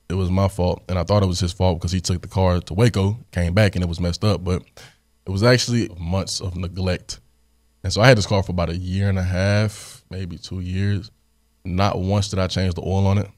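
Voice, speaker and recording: Deep-voiced young man telling a story. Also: a little fast, dry recording, clean studio sound. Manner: animated, sarcastic, laughs often. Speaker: podcast host. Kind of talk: casual storytelling and Q&A.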